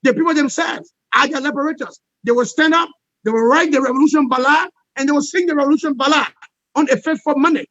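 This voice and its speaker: A man giving an impassioned political interview as a guest, forceful and repetitive, often asking "all right?". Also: very high-pitched, fast talker, dry recording, lo-fi sound.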